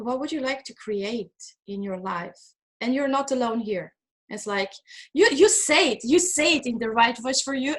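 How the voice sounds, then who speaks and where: A woman hosting a conversational video call, animated and self-deprecating, often quoting others. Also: fairly high pitch. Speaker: host.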